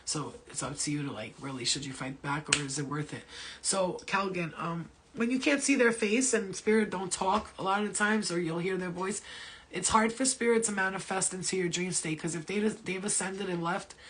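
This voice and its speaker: A woman's voice: fairly low pitch, moderate pace, a little hiss or hum. A woman healer answering viewer questions in a casual spiritual talk, blunt and profane, telling stories.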